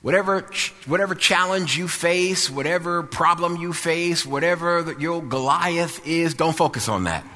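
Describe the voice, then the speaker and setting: A man with a high, bright, ringing voice preaches a sermon in a church sanctuary. He drives his points home by repeating and restarting phrases, rises into a sing-song preaching cadence, and calls out for bigger amens. The sound carries a long echo from the hall. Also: normal speed, hardly any pauses. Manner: repetitive, emphatic, with frequent restarts.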